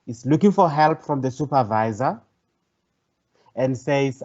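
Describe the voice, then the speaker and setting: A male professor lectures an online workshop in an easy, conversational way. He pauses, repeats words and restarts sentences. His mid-range voice comes through as dull, lo-fi call audio. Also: medium pitch, animated, darkish tone. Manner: conversational, repeats phrases and hesitates. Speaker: professor leading a training workshop.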